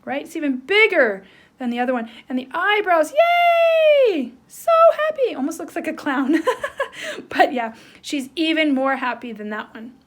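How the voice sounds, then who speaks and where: A woman teacher giving a playful, animated lesson to young children, checking in with "right?" as she draws. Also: high voice, normal speed. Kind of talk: children's lesson, drawing along.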